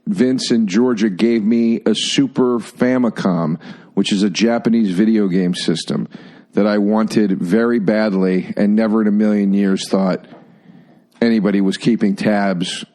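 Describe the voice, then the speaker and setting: A man co-hosting a casual comedy podcast, rambling excitedly through stories and laughing often. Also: fairly low pitch, unhurried. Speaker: comedian co-host.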